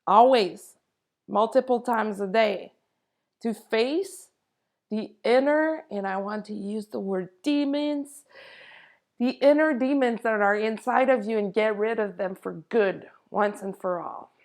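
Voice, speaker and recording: A woman giving an earnest spiritual talk to camera, in unhurried, drawn-out phrases. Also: on the high side, a little mellow. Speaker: spiritual channel host. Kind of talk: slow spiritual monologue to camera.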